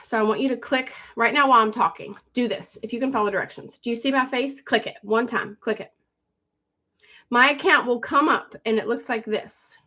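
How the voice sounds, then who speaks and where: Lady on a phone live going fast, pushy sales talk, kinda high, really bright voice. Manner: urgent, pushy, repeats herself, calls out viewers by name. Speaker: livestream host selling online courses. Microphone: phone on a live stream.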